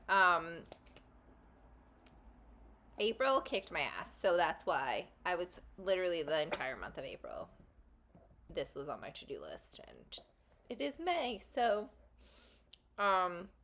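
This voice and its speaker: Slow-talking chatty woman vlogger. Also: on the low side, slight background noise. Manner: rambling, self-interrupting, chatty asides. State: just ate lunch, burpy. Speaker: tarot channel host. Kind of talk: casual vlog chat.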